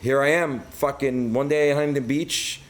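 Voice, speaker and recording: A man's voice: medium pitch, normal speed. A middle-aged man, a podcast guest telling stories in casual, profane chat and acting out other people's voices. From Brooklyn, New York. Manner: profane, animated, acts out quoted voices.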